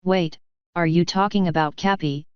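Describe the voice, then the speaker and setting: A woman's voice: lowish voice, steady tone, normal speed, clean tone, dry recording, dull audio, lightly acted. Woman doing a flustered pony guard captain. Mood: defensive.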